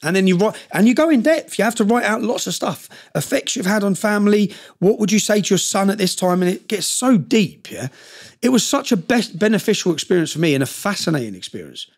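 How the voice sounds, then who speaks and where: A man's voice: high voice, expressive, brisk. A middle-aged man telling personal stories as a podcast guest, emotional and blunt, swearing often. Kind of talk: candid personal storytelling.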